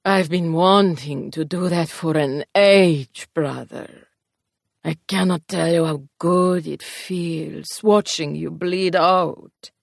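Woman voicing a gravelly, sneering male demon. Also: no room sound, studio quality, exaggerated voice. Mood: menacing. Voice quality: low gravelly breathy menace. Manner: slow, taunting drawl with soft hissed words. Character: cruel sneering male demon, mocking his brother. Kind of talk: audiobook character voice.

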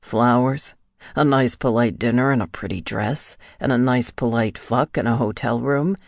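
A woman's voice: extremely low pitch, expressive, moderate pace, vocal fry, a little mellow, dry recording, clean studio sound, heavily acted. A woman voicing a cocky, domineering young man who mocks and swears bluntly. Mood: sneering. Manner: mocking, blunt, swears casually. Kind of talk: audiobook dialogue reading.

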